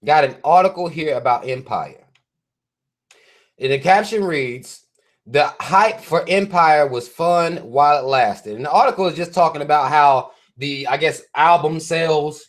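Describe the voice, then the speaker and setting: A man with a fairly high speaking voice hosts a live stream, reading memes aloud and picking them apart. He rants bluntly and swears constantly in loose, offhand commentary. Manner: blunt, heavily profane ranting; reads memes and articles aloud to viewers.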